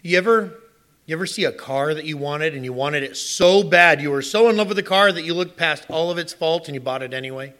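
A middle-aged man delivering a sermon with a bright, forceful voice that sits a little on the high side. He tells stories with animation and keeps putting rhetorical questions to his listeners. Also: brisk. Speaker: pastor.

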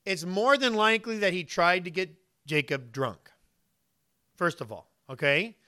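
A man delivers an expressive sermon in a high, bright voice at an unhurried pace. He questions his listeners and takes on the voices of the story's characters. The recording is close and dry, with no room sound.

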